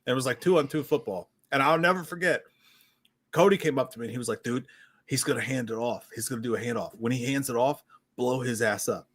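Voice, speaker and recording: A man, co-hosting a casual livestream and telling profane stories with loud shouted quotes. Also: mid-range voice, fast talker. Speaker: podcast co-host.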